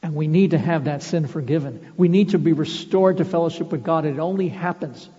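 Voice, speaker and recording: A man's voice: on the high side, brisk, mellow, breathy edge. A man preaching a sermon with emphasis. He asks the listeners questions and quotes scripture. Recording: dull reverberant hall recording.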